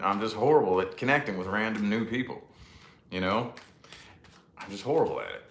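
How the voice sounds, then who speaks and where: A man's voice: mid-range voice, fairly bright tone. Profane, self-deprecating man in an echoey room. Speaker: vlogger. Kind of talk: casual rambling monologue.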